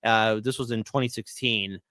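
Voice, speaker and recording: Animated man telling stories on a podcast. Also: fairly low pitch, normal speed, no room sound, studio quality. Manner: animated storyteller, voice jumps up when indignant. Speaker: guest co-host. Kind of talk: casual political podcast chat.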